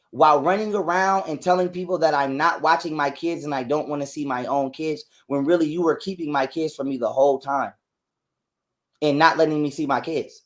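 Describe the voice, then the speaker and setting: A man, ranting in a heated interview, profane and repetitive, acting out quotes loudly. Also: on the high side. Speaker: guest telling his side of a breakup.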